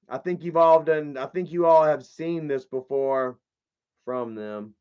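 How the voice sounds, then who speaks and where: A man's voice: on the high side, a little slow, dark tone, clear, resonant tone, lo-fi sound. A man in a casual live stream, rambling, joking and swearing as he opens fan mail. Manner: rambling, profane and jokey.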